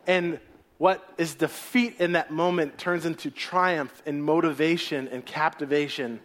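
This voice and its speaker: Male pastor, sermon, high voice, animated, dramatic storytelling. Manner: animated storyteller, acts out the scenes.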